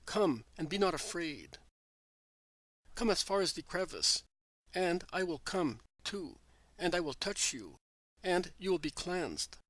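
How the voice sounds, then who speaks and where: A man voicing a gentle, authoritative male healer who speaks in a calm, solemn, consoling way. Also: high-pitched, unhurried, no echo, exaggerated voice, rough recording.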